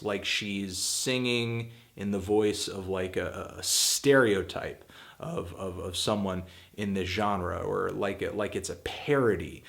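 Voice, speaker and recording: A man with a fairly low voice talks through an album review in a casual, blunt way. He hedges a lot with fillers, then pushes his words out with emphatic exasperation. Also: vocal fry, fairly bright tone. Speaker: music critic and show host.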